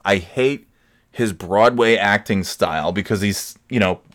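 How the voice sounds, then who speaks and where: A man's voice: fairly low pitch, a little slow, a bit bright, no echo, clean studio sound. A man ranting casually, grumbling and swearing, with frequent restarts. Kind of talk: casual rant.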